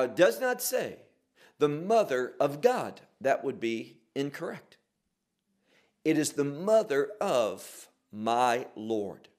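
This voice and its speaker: Guy preaching a sermon verse by verse, kinda high voice, real slow and deliberate. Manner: slow and emphatic, pausing between phrases. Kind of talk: expository sermon.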